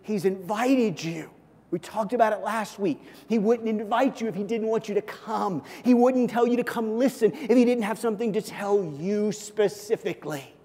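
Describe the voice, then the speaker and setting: High-voiced preacher in a reverberant hall. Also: male voice, moderate pace. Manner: dynamic, swings from loud emphasis to soft near-whisper. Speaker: pastor. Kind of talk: sermon. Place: church sanctuary.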